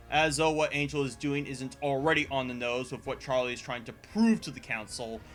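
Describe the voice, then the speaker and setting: Sarcastic, bright-voiced male reviewer. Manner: sarcastic, profane, with sudden exasperated jumps in pitch. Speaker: video essayist reviewing a show. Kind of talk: scripted commentary voice-over.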